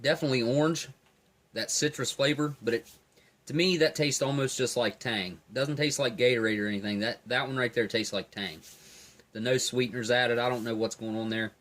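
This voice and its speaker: A man's voice: medium pitch, brisk. Man reviewing field rations on camera. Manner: relaxed, enthusiastic tasting commentary. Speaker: food reviewer. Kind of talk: casual food review.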